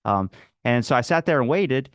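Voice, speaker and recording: A mid-range, smooth voice with lively intonation and a moderate pace tells rambling anecdotes on a podcast. The guest, from the Philadelphia area, uses many fillers and acts out the people he quotes, with studio quality and no room sound.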